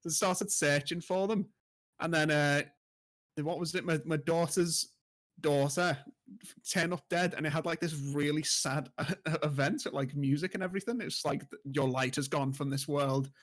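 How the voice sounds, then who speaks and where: Lively, higher-voiced man telling a gaming story. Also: normal speed. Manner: animated storyteller, laughing as he acts out game events. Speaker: podcast co-host and streamer. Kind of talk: casual gaming chat.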